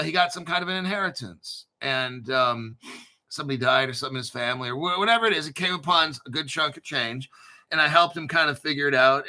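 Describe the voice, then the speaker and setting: A man's voice: a little high, sharp tone. A man hosting a crypto channel, rambling casually with profanity, jokes and self-mockery. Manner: profane, joking, self-mocking and digressive.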